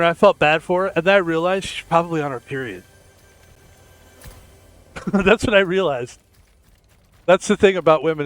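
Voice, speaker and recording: A man streaming a game, rambling in casual commentary with crude, joking asides. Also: fairly high pitch.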